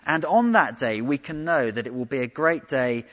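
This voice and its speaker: Preacher in a reverberant hall. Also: male voice, mid-range voice, animated, moderate pace, a bit bright. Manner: emphatic, uses rhetorical tag questions. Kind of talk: expository sermon.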